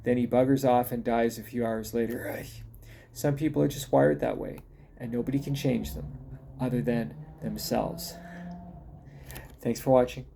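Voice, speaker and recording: A man's voice: medium pitch, steady tone, normal speed, gravelly, mellow, a little hiss or hum. A man reading his own detective story aloud, with a wry, folksy manner.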